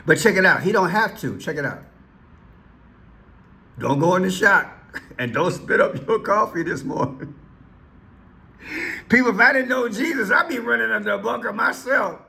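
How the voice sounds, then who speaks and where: Lively, bright-voiced man riffing on news clips. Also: high voice, moderate pace, vocal fry, long pauses. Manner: animated, playful, teasing asides. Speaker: commentary vlogger. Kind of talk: casual news commentary.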